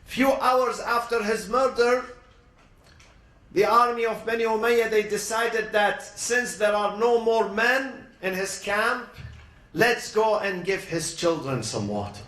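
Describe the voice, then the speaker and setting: High-voiced man telling a sermon story. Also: a bit bright. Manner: dramatic pauses, short emotional phrases. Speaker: speaker at a youth event. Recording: roomy echo.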